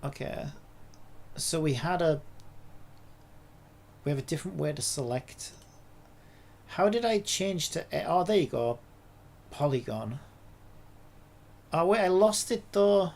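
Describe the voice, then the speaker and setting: A woman's voice: on the low side, lively intonation, measured pace, pauses often, a little mellow. A woman, a game developer, talking to herself in a casual dev log, frustrated and swearing a lot.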